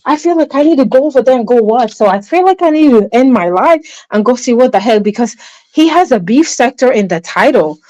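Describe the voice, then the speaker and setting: A woman's voice: fairly high pitch, animated, fairly quick, mellow, no echo, low-quality recording. A woman hosting a casual livestream, talking through drama with her chat in a rambling way, sometimes dropping to a near whisper. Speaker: livestream host. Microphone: phone.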